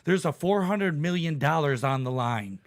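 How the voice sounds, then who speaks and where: A man's voice: a little high, expressive, moderate pace. A man hosting a podcast, telling a story in casual, profane chat. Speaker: podcast host.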